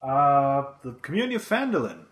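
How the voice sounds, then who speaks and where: A man's voice: medium pitch, big pitch swings, fairly quick, fairly bright tone. A man playing a tabletop game, asking lots of questions and citing the rules. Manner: inquisitive, rules-minded. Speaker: player. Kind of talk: casual tabletop play.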